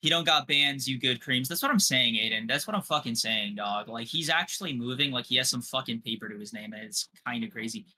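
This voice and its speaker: Speaking a little fast with few pauses, the same young podcast co-host has a mid-range voice that sounds pushed, bright, and slightly rough. It's casual livestream chat, full of brash, profane banter and trash talk aimed at viewers.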